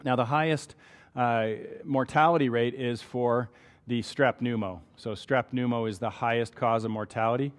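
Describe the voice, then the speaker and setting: A man's voice: mid-range voice, steady tone, moderate pace. A man with a Canadian accent giving a conversational medical lecture, often checking in with "right?". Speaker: physician lecturer. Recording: long hall reverb.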